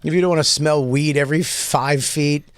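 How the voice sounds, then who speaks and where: This is a man hosting a casual podcast. His voice sits a touch high, and the sound is close and dry. He talks crude and excitable, and laughs through his stories. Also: normal speed, smooth, no echo. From Boston. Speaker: podcast host and comedian. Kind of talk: casual chat.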